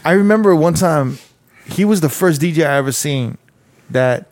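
Profane, animated man telling stories. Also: fairly high pitch, normal speed, no echo. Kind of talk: casual chat.

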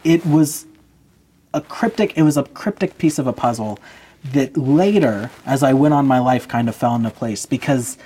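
A husky young man recounts a personal story as a podcast guest. He tells it earnestly and vividly, at an ordinary middle pitch. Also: normal speed, mellow.

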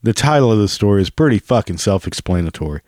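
Reaction vlogger, male, low and dry, heavy sarcasm and cursing. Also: expressive, quick pace, a little mellow, dry recording. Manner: sarcastic and profane. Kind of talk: casual reaction commentary.

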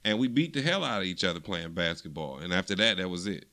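Man, low voice, bright edge, casual podcast storyteller, acts out quotes. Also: fast. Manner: long animated storytelling, quotes others. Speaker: podcast co-host.

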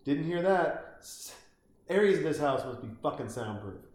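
A man's voice: on the high side, moderate pace, reverberant. A man giving a comedic, profane commentary while watching a movie, ranting, mocking the characters and acting out little voices. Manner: swearing, animated, mocking, acts out voices.

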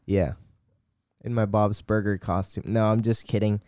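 Easygoing man with a smooth, clear voice. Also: on the low side, level tone, moderate pace, a little mellow, no echo, studio quality. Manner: easygoing, hesitant with ums. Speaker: podcast co-host. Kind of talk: casual chat.

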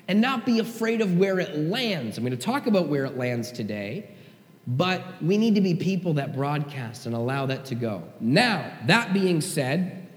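A male pastor preaching a sermon in a conversational, emphatic way and often checking in with his listeners. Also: sits high. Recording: echoey hall.

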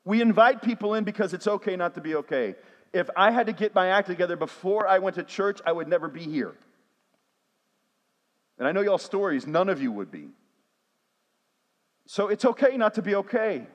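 A man's voice: high-pitched, expressive, moderate pace, long pauses. A man, a pastor preaching a sermon with call-and-response refrains. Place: church sanctuary. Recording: long hall reverb.

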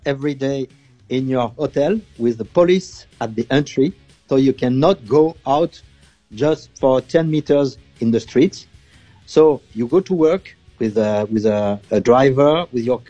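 Male journalist, halting English. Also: medium pitch, darkish tone, no echo, muffled recording. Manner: halting non-native English with many fillers. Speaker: journalist guest. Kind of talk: phone interview.

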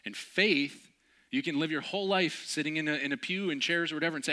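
A man delivering a sermon in a relaxed, conversational way, with a bright, forward voice. He moves from teaching into personal stories, acting out the people in them and laughing along. His tone stays at an everyday speaking level. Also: a little high, fast. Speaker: pastor.

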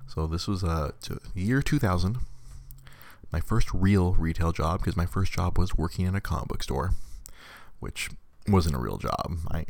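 Socal guy in his 40s rambling thru a story, deep gravelly voice, laughs a lot. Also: no room sound. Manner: rambling, repeats words, laughs often. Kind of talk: casual storytelling to viewers.

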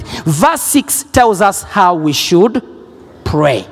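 Man, very high voice, lively rise and fall, preaching a sermon, shouts and repeats lines. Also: takes it slowly, slightly rough, big-room sound, soft background music.

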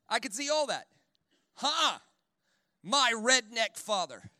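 High, bright-voiced man preaching. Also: takes it slowly, pauses often, no echo, clean studio sound. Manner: animated, conversational, jokey, frequent "right?" asides. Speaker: guest preacher. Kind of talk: sermon with storytelling. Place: church.

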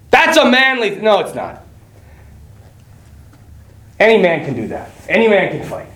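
A man preaching a conversational sermon, telling stories with frequent laughs and casual asides. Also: high-pitched. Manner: animated, laughs often, casual "you know, like" asides.

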